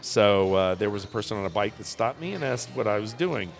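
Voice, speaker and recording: A man's voice: fairly low pitch, animated, a little fast, creaky, faint music behind. A man co-hosting a casual comedy podcast, reading out a news story and joking along the way with lots of fillers.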